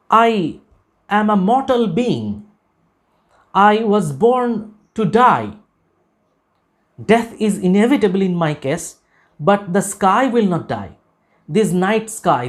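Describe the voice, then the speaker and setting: Slow, deliberate male literature lecturer. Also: high-pitched. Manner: deliberate and emphatic, repeats key phrases, frequent "uh" pauses. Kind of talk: recorded lecture explaining a poem.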